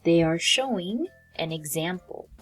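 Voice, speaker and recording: A woman teaching English vocabulary, calmly explaining each word step by step with simple examples. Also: lowish voice, unhurried, soft background music.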